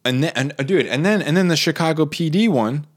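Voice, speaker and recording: A man's voice: fairly high pitch, expressive, a little fast. A young man in a casual, comedic rant, rambling with lots of fillers and repeats.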